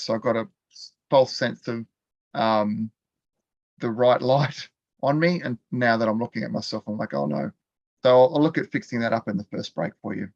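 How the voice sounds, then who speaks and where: A man's voice: mid-range voice, no room sound, dull audio. An Australian man teaching a live online class from his computer. He talks in a chatty way, laughs often and quizzes the viewers in the chat. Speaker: continuing education teacher.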